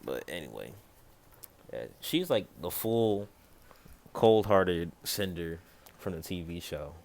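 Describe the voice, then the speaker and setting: A man with a very deep, low voice tells a fan story off the cuff at home. He rambles, backtracks and fixes himself mid-sentence, now and then turning aside to talk to someone nearby. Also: very animated, creaky, darkish tone. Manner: rambling, self-correcting, with quick asides to a child nearby. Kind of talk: casual spoken fan story.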